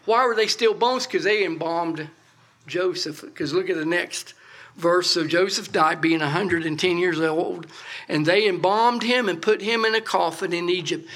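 Man, preacher, high voice, folksy emphatic sermon. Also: normal speed, a bit bright.

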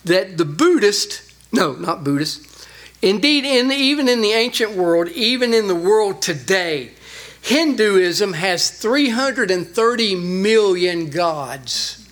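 A man preaching a sermon, reading scripture and explaining it with rising emphasis. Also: slow pace. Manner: animated, rising in pitch when emphasizing. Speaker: pastor.

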